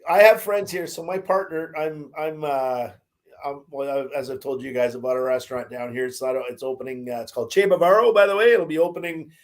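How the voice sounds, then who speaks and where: Guy rambling on a sports podcast, kinda high voice, lots of uhs. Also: brisk. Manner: rambling, full of fillers and restarts. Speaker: podcast co-host. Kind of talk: casual chat. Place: Caribbean, remote.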